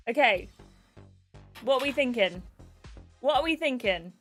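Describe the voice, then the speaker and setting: A woman's voice: fairly high pitch, animated, unhurried, long pauses, a bit bright, faint music behind. A woman livestreaming herself playing a game, chatting in scatterbrained asides with frequent giggles, speaking into a webcam setup at her desk. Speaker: gaming streamer. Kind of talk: live gameplay commentary.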